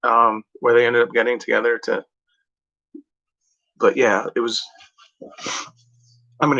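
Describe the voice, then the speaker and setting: Heard on a dull, lo-fi home recording, a male vlogger speaks with a medium-pitched, sharp, husky voice. His casual talk wanders, sprinkled with "like" and "you know," and he keeps correcting himself.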